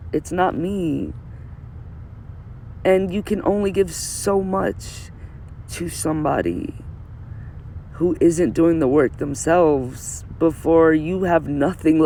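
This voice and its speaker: High-voiced man venting in a vlog. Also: a little slow, darkish tone, slight background noise. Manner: emphatic, repetitive, swears freely. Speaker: vlogger. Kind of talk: candid personal monologue.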